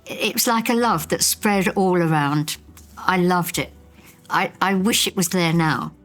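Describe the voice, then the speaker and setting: An older woman, a former radio broadcaster, reminiscing in an interview as an animated storyteller. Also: fairly low pitch, unhurried, faint music behind. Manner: animated storyteller, acts out voices in anecdotes.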